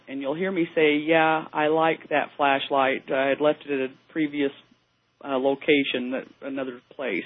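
A man talking as a paranormal investigator on a radio show, hesitant and halting, with many ums and uhs. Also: a little high, no room sound, narrow, tinny audio. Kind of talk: casual radio talk.

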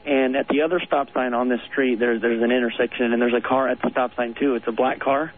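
A man of middle pitch calls in to a radio show and tells a long ghost story, earnest and rambling, with small nervous laughs. His voice is thin and tinny, squeezed through a phone line on the air. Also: level tone, fast. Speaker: caller.

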